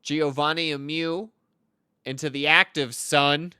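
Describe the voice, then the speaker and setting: A young man commenting on his own card game match, telling deadpan, absurd tall tales between plays. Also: on the high side, unhurried, clean tone, no echo, clean studio sound. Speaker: card game content creator. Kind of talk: joking commentary over gameplay.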